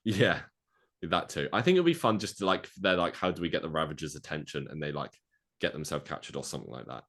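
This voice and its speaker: A man co-hosting a podcast, rambling through a movie plot pitch with lots of fillers and acted-out quotes. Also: lively intonation, fast talker, fairly bright tone. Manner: rambling, filler-heavy, acts out quoted lines. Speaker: podcast co-host.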